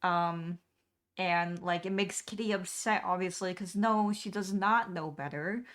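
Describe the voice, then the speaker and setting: A woman's voice: on the low side, measured pace, a bit bright. A young adult woman streaming, casually retelling a cartoon episode in a rambling way, full of filler words. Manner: rambling, full of "um" and "like", laughing at the plot. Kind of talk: casual storytelling recap.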